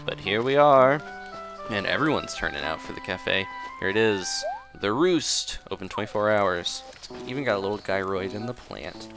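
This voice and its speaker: Low-voiced man narrating his gameplay. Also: expressive, moderate pace. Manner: easygoing, rambling, chuckles often; reads game dialogue aloud in playful voices. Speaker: game commentator. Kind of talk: casual gameplay commentary. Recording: game music playing under voice. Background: game music.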